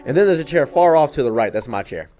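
A young man hosting a comedic storytime, delivering it in a deadpan, mock-dramatic way with wry asides. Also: mid-range voice, fast, faint music behind. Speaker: storyteller, channel host.

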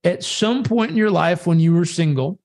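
Guy on a live video chat, fairly high voice, tells stories with lots of energy and does little voices for people. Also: moderate pace. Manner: animated storyteller who acts out voices in quotes. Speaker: guest, personal coach. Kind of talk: conversational coaching talk. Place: live social media video conversation.

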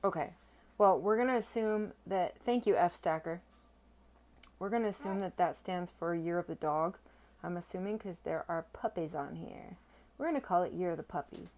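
Gushing, excitable young woman vlogger. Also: lowish voice, moderate pace. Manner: gushing, excitable, stammers and swears when overwhelmed. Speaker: silver-stacking vlogger. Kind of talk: casual unboxing vlog.

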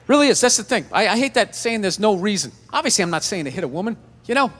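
Ranting high-voiced comic on stage. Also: male voice, lively intonation, fast talker, fairly bright tone. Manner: ranting, profane and exasperated. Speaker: stand-up comedian. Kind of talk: stand-up comedy routine. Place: stage before a live audience.

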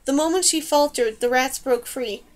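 A woman reading a novel aloud as an audiobook, with steady, even storytelling. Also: high voice, normal speed. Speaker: audiobook reader. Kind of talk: scripted narration.

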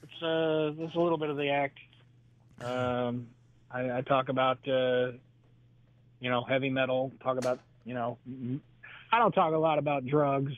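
A man who is a stand-up comedian telling his act in an interview, halting and full of "uh"s, chuckling between jokes. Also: medium pitch, steady tone, no echo. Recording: dry tinny phone line.

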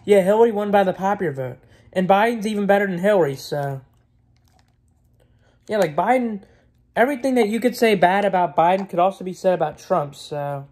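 A man's voice: high voice, lively intonation, a little fast, a little mellow. A man vlogging in a casual, rambling rant, blunt and opinionated, repeating himself and swearing freely.

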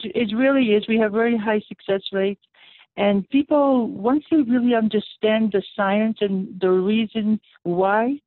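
A woman's voice: medium pitch, no room sound. Woman guest on a phone line, tinny and dry, explains things step by step. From raised in the Roma community. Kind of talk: radio interview by phone.

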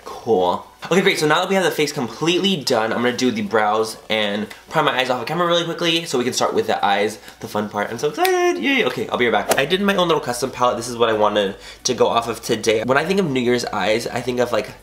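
A young man talks quickly through a chit-chat makeup tutorial, drifting into tangents and swearing casually. His voice sits at a middle pitch. The room around him sounds echoey. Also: lively intonation, fairly bright tone, a little hiss or hum. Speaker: beauty vlogger.

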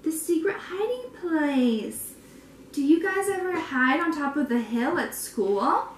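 A woman's voice: sits high, expressive, slow pace, reverberant, a little hiss or hum. A woman preschool teacher reading a picture book aloud to young children, asking them encouraging questions along the way.

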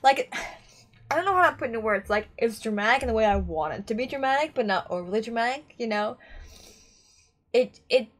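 Gal reacting to an anime, kinda high voice, rambly and chatty, keeps restarting. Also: female voice, lively intonation, brisk, long pauses. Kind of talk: casual reaction commentary.

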